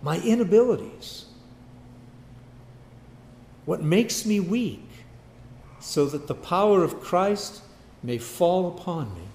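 Male pastor, sermon; emphatic, repeats phrases, slightly high voice, faint hiss behind. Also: lively intonation, slow pace, gravelly, long pauses, a little mellow, echoey room.

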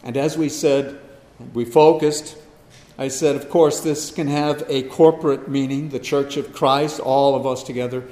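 A man's voice: medium pitch, fairly even intonation, unhurried. Emphatic preacher man in an echoey hall. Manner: emphatic, swinging from loud to hushed. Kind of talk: expository sermon. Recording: echoey hall, long reverb.

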